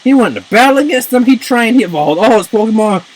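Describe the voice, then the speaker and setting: A man ranting in casual commentary, swearing and breaking into shouts. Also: sits high, fast, rough recording. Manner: animated, swears, jumps into shouts. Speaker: video commentator.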